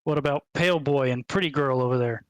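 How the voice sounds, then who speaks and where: A man voicing a massive, suspicious male minotaur tavern keeper who talks slowly. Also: medium pitch, smooth, dry recording, natural voice.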